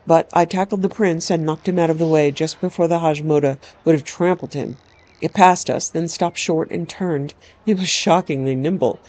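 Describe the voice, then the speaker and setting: A woman's voice: fairly low pitch, warm tone. A woman narrating a first-person story aloud in a wry, dramatic storytelling manner. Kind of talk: storybook reading.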